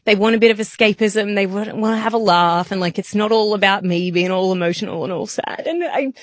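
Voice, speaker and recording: A woman's voice: mid-range voice, brisk, dry recording, studio quality. A woman, a podcast producer, talking emotionally and holding back tears in casual chat.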